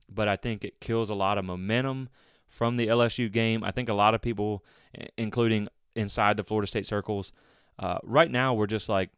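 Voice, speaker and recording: A man's voice: lowish voice, smooth, no room sound, studio quality. A man hosting a solo sports podcast, talking casually in a rambling way with frequent restarts. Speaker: podcast host.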